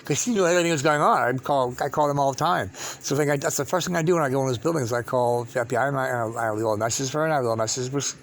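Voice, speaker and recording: A man telling a long, rambling story to camera, halting and restarting his sentences again and again. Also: medium pitch, gravelly.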